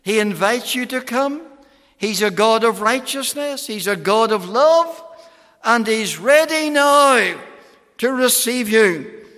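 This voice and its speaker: A man's voice: very high voice, lively intonation, pushed and bright. A man preaching an evangelistic sermon, pleading emphatically with phrases that rise and fall. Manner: slow, emphatic pleading with soaring and falling phrases. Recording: long hall reverb.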